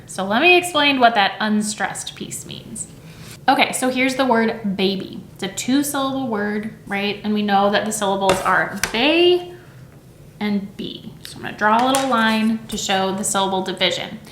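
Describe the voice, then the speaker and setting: A woman teaching to the camera in a relaxed, chatty way, pausing to check in with her listeners and sounding out words to show them. Her voice sits at an ordinary middle pitch. The room has a noticeable echo around her. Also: slight background noise. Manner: conversational, frequent "right?" checks, demonstrates sounds aloud. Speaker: teacher and educator.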